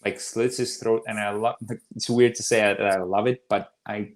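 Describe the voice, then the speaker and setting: A man's voice: fairly low pitch, little pitch movement, normal speed. A man co-hosting a podcast, chatting casually about movies, rambling and restarting sentences as he retells scenes. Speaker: podcast co-host. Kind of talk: casual film-discussion chat.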